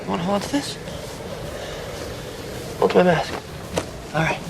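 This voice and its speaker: An actor playing a masked male hero who gently coaxes and encourages a frightened boy, heard in a film clip. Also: sits high, unhurried, gravelly, background noise, full character voice. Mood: coaxing. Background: loud film score.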